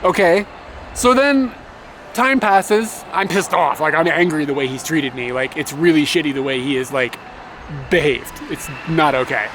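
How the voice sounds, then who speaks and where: A young man telling a story in a casual travel vlog, animated and swearing, laughing as he rants. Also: on the high side, moderate pace, slight background noise. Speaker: motovlogger.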